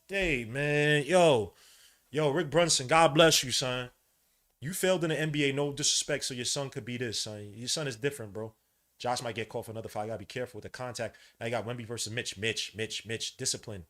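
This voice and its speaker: A man, hosting a podcast and giving live, slangy commentary while watching a basketball game, getting loud at big plays. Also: medium pitch, brisk. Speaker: podcast host.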